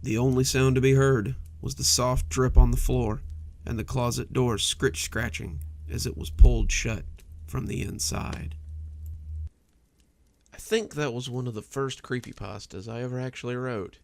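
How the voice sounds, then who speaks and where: A man narrating scripted horror stories in an expressive, dramatic manner. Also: mid-range voice, normal speed, gravelly, slight background noise.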